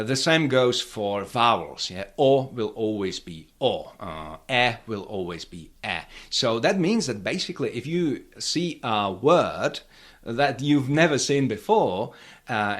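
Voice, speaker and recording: Lively man teaching. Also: medium pitch. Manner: frequent uh fillers, lively, repeats example words. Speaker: language teacher. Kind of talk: explaining pronunciation lesson.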